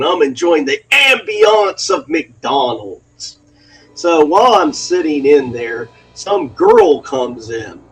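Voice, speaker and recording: A man's voice: mid-range voice, breathy edge, rough recording. A man telling a crude personal story in a rambling, profane way, laughing as he goes.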